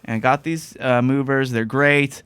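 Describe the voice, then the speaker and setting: A man's voice: mid-range voice, steady tone, a little slow, a bit bright, smooth, no room sound. A man hosting a casual podcast chat, telling a rambling anecdote with plenty of laughter. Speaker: podcast host.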